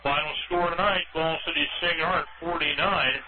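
A man doing play-by-play commentary of a high school basketball game for radio, in a brisk running style. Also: steady tone. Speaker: play-by-play announcer. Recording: tinny lo-fi radio broadcast with noise.

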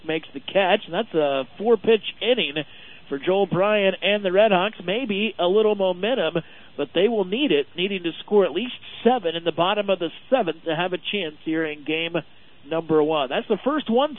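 A man giving play-by-play commentary on a baseball game for a radio network, steady and full of stats. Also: high voice. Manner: steady, informative, stat-heavy. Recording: narrow phone-like radio audio.

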